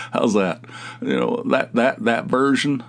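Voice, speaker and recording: A man's voice: mid-range voice, big pitch swings, takes it slowly, vocal fry, a bit bright. A man in his forties from West Virginia, hosting a casual solo podcast and rambling with restarts and sighs. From southern West Virginia, US. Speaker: podcast host.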